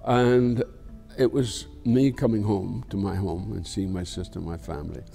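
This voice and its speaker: An older man with a Scottish accent, speaking in a low, gravelly voice. His tone is mellow and dark, and he rambles reflectively. He swears freely and without any fuss in a candid interview. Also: fairly even intonation, moderate pace, soft background music. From Scotland. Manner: frank and profane, swears freely. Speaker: actor being interviewed.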